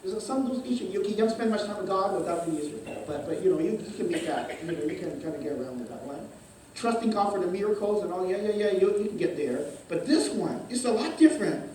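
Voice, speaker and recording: A man's voice: high-pitched, fast talker, slight background noise. A man preaching a sermon as pastor, telling a personal story with lots of repeated words and "okay?" checks. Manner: repeats words and stammers, asks okay often; lively storytelling with acted-out scenes. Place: church hall. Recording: echoey hall from far off with faint ambience.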